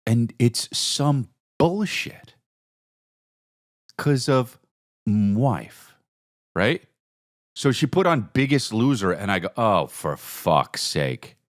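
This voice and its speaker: A man in his forties rambles through a comedic solo podcast monologue, swearing freely and hopping from one tangent to the next. His pitch swings widely and expressively as he talks. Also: expressive, slow pace, pauses often. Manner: rambling, profane, jumps between topics. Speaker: podcast host.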